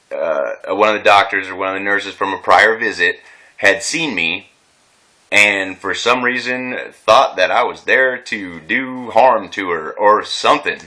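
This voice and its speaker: A distressed veteran recounts his ordeal in a rambling, agitated way, swearing and restarting his sentences. His voice sits fairly low but has a bright, forceful edge. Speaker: veteran telling his story. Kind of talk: unscripted personal vlog.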